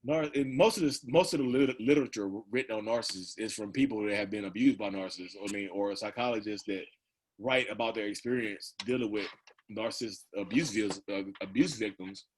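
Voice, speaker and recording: A man's voice: lowish voice, fairly quick, a little hiss or hum. A man in his thirties talking casually as a podcast guest, rambling with lots of "like" and "you know" and laughing often. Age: 30s. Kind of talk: casual conversational storytelling.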